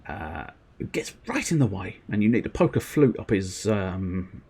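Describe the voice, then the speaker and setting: A man voicing a huge, sleepy, grumpy male cat-like creature who grumbles low and quiet. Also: very animated, normal speed, slightly rough, heavily acted. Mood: drowsy.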